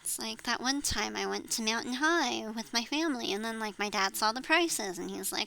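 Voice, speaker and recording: A woman's voice: a little high, a little fast, gravelly, hardly any pauses, pushed and bright, poor audio. A woman in her thirties rambling in a personal vlog, frustrated, trailing off and swearing as she vents. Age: 30s. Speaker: vlogger. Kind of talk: rambling personal venting monologue.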